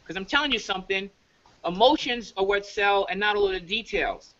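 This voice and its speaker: Fast, emphatic man from New York. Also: sits high, expressive, a bit bright, lo-fi sound. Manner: fast, emphatic, repeats "all right?" often. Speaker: leadership coach. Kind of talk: coaching a team on a video call. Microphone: video call.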